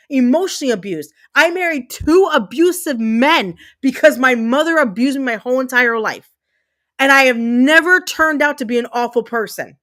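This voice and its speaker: A woman in her thirties fumes on her livestream, her slightly high, somewhat bright voice carrying an angry rant. She is emphatic and heated, repeats herself, and swears.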